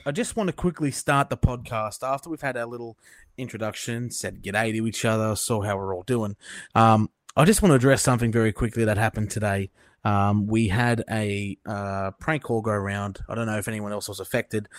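A man's voice: on the low side, fairly even intonation, moderate pace, no echo. A young Australian man hosting a casual podcast, blunt and crude, swearing freely. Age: young adult. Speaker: podcast host.

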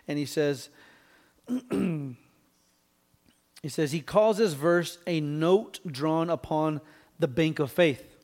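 A man delivers a verse-by-verse sermon in a somewhat high voice. He keeps checking in with his listeners with quick "right?"s and clears his throat from time to time. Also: a little mellow. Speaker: pastor.

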